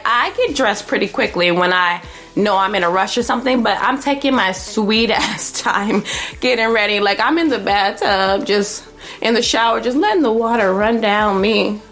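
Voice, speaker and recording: A young woman telling a story to her viewers in a brash, profane, animated way, laughing often. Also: mid-range voice. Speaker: vlogger. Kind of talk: casual storytelling.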